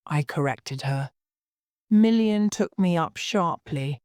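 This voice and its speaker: Slow, expressive woman reading a story. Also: mid-range voice, no room sound, clean studio sound. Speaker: story reader. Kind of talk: storybook narration for language learners.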